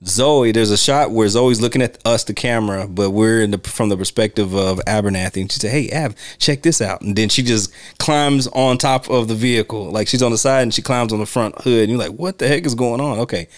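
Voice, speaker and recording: A man's voice: fairly low pitch, fairly quick, few pauses, no echo. A man co-hosting a podcast, talking casually about a movie, laughing often and acting out lines from scenes. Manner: laid-back, laughs often, acts out quotes. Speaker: podcast co-host. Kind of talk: casual film discussion.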